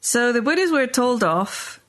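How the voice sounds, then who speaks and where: A woman's voice: on the high side, big pitch swings, a little slow, fairly bright tone. A middle-aged woman hosting a podcast, telling a personal story in a loose, rambling way with lots of fillers and restarts. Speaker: podcast host. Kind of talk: casual storytelling chat.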